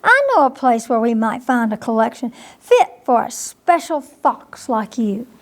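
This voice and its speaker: Woman reading as a kind papa fox from a picture book, reassuring, lifted bright voice. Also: a little high, animated, measured pace.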